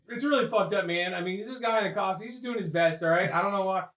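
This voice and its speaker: A man doing a loud, profane, excitable comedic movie recap as podcast host, often breaking into shouts. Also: high voice, racing, hardly any pauses, roomy sound.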